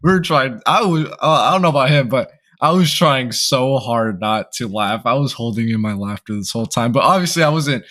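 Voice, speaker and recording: A young man telling a story time, rambling and chuckling as he goes. He often restarts his sentences, and his voice sits at an ordinary middle pitch. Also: a little fast, fairly bright tone. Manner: rambling, laughing, many restarts. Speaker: vlogger.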